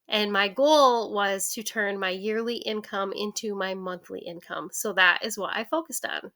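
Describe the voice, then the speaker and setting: A woman in her forties speaks straight to her viewers, recounting her own story in a candid, animated monologue. Her voice is bright and forward, and she slips into quick impressions of family members as she talks. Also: medium pitch, creaky. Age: 40s. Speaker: vlogger.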